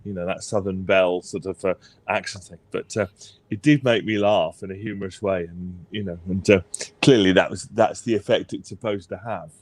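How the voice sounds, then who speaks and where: A man's voice: low voice, fairly even intonation, normal speed. A man, co-hosting a casual album review chat, rambling and hesitant. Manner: rambling, hesitant, laughs easily. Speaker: podcast co-host.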